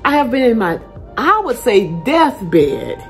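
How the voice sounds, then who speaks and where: A woman preaching a motivational sermon with passion, dropping to a hush and then rising to loud calls of amen. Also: on the high side, sing-song, measured pace, faint music behind. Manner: impassioned, swinging from hushed to loud, calls out amen.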